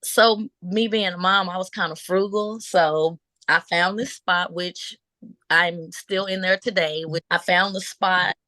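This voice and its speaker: Middle-aged woman from buffalo ny, kinda low voice, tells her story with lots of ums and little acted-out quotes, dry sound. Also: measured pace, no echo. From Buffalo, New York. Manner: animated storyteller, acts out quotes, laughs often; frequent um fillers and restarts. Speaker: guest business owner. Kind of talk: casual interview storytelling.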